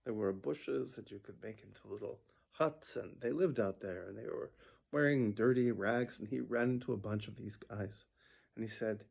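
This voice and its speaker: A man's voice: lowish voice, moderate pace, gravelly, a little mellow, breathy edge. A man preaching a sermon built around a parable, earnest and conversational, often restarting his sentences, on a dull lo-fi recording.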